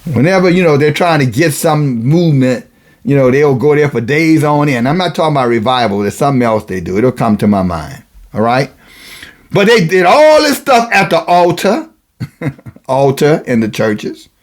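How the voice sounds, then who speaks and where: A man's voice: mid-range voice, moderate pace, a little mellow. A man preaching a sermon, reading and explaining scripture with emphatic, sarcastic asides.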